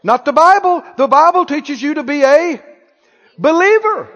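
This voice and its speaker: A man preaching a sermon, animated, asking the congregation questions and acting out scenes. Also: very high voice, moderate pace. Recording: reverberant church hall, dull lo-fi sound.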